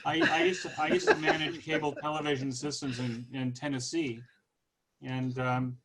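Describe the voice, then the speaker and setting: A man's voice: medium pitch, expressive, moderate pace, a crowd in the background, rough recording. A man with a Californian American accent, speaking as a guest in a casual video call, with many restarts. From United States.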